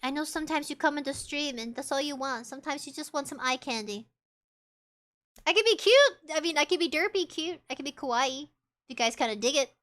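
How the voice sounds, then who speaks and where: A young woman VTuber from the Southern US, chatting casually and rambling on her live stream. Her voice sits high and sounds bright. She reads her viewers' messages aloud as she talks. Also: quick pace. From Southern United States.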